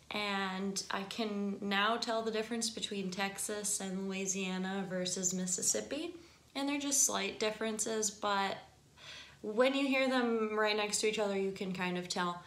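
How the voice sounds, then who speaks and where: A woman from Michigan with a Michigan accent, a voice teacher giving a relaxed, friendly explanation in a video lesson. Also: mid-range voice, echoey room. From Michigan, USA. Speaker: voice and singing teacher.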